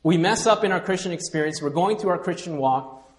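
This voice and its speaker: Man preaching, quiet to emphatic. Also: high-pitched, a little fast. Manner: swings from quiet and intimate to loud and emphatic; leads congregation in call-and-response. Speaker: pastor. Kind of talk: sermon.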